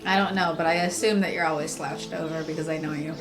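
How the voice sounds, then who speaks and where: A woman's voice: low voice, fairly even intonation, quick pace, over music. Teasing, prodding let's play woman. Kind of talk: casual gameplay chat.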